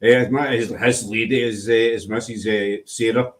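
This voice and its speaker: A man hosts a relaxed live chat show, bantering with his guest and reading viewer messages aloud. His voice sits at an ordinary pitch, and his delivery is easygoing and conversational. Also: moderate pace, background noise. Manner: chatty, teasing, reads viewer comments aloud. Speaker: host. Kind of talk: casual livestream chat.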